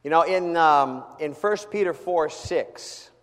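A man preaching a sermon as pastor, talking conversationally with frequent restarts and rising to emphatic, louder quotes of scripture. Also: on the high side, slow pace. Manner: frequent restarts and repeated words. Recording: long hall reverb.

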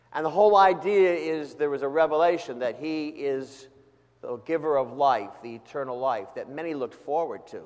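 A man preaches a sermon in an easy, conversational style, restarting phrases often. He rises in pitch and volume whenever he quotes scripture. His voice carries a long reverb from a large church hall. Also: darkish tone. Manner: frequent restarts and repeated words. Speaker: pastor.

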